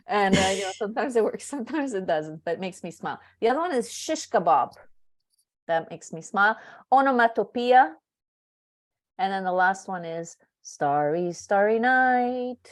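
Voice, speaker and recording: A woman's voice: medium pitch, big pitch swings, a little fast. A woman on a video call, a workshop participant chatting and laughing as she shares funny stories. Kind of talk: casual storytelling.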